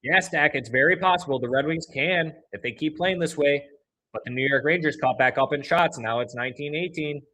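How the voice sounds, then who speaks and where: A young man with a slightly high voice calls a hockey game for a fan livestream. His play-by-play is partisan, running from low, even calls to sudden loud outbursts of frustration. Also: a little fast. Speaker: livestream host.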